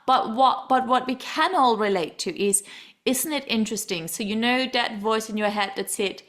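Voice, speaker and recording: Gushing, excitable woman podcast host. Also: on the high side, moderate pace. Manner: gushing, enthusiastic, swears freely. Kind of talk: casual interview chat.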